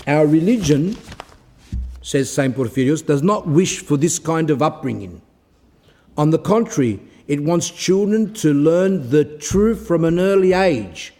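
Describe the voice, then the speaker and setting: In an earnest sermon-style talk, a middle-aged Orthodox priest tells stories and acts out quoted exchanges. His slightly high, dark voice is expressive and unhurried.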